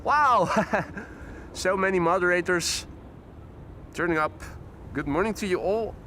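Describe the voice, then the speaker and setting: A chatty, playful man with a high voice hosts a live plane-spotting stream from the waterside. He greets viewers and calls out arriving aircraft, and loud traffic rumbles steadily behind him. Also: measured pace. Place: outdoors beside water near an airport. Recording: loud outdoor traffic noise.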